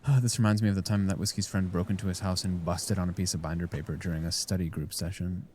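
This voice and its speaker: Low-voiced man rambling on a game stream. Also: steady tone, fast talker, darkish tone, slight background noise. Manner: rambling, joking, talks to chat. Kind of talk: casual live-stream chat while gaming.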